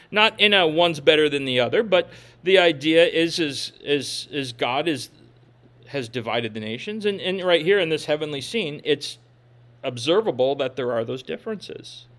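A man's voice: fairly high pitch, expressive, moderate pace, a bit bright. A man from Minnesota preaching a sermon, reading scripture aloud and adding casual asides. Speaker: pastor.

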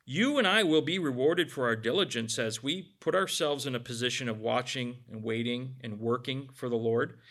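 A man's voice: mid-range voice, normal speed, few pauses, fairly bright tone. A middle-aged man preaching a sermon as pastor, conversational, with casual asides between scripture readings.

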